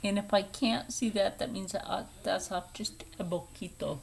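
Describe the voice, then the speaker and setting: A woman hosting a casual step-by-step sewing tutorial, chatty and playful, dropping into soft whispered asides as she works at a home sewing table. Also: mid-range voice, fairly even intonation, moderate pace, creaky. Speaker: sewing channel host.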